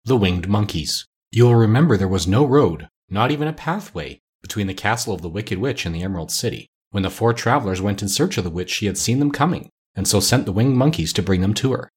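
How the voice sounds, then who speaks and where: A man narrating a children's storybook aloud in a measured, unhurried way. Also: fairly low pitch, animated, husky.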